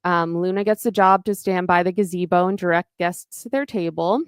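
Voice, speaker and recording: A woman's voice: on the low side, moderate pace, clear, resonant tone, no room sound, clean studio sound. A woman podcast co-host casually recapping a novel chapter, rambling with fillers.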